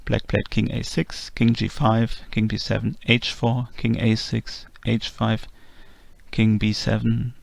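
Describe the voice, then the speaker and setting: A man teaching a chess endgame lesson in a calm, methodical voice-over, walking through the moves one by one. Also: on the low side, takes it slowly, gravelly, no echo. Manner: methodical, calm move-by-move explanation. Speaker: chess instructor. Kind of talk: explanatory chess lesson narration.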